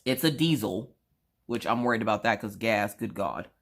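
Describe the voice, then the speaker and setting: A woman vlogger telling a story in a chatty, slangy way, acting out the voices she quotes. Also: moderate pace. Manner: animated, acts out quoted voices with big pitch jumps; casual slangy talk, addresses viewers as y'all.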